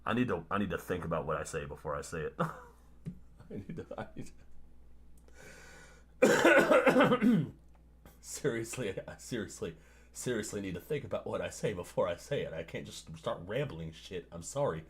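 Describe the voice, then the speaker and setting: A man's voice: low voice, very animated, normal speed, long pauses, fairly bright tone, breathy edge. A man hosting a livestream, reacting casually to a video, swearing often, laughing and ranting. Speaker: livestream host.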